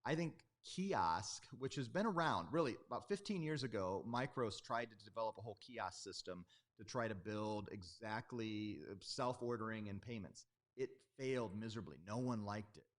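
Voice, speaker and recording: A man's voice: fairly low pitch, moderate pace. Chatty man explaining restaurant tech. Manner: animated, rambling, self-correcting asides. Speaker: restaurant technology guest expert. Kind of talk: conversational explaining. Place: Atlanta.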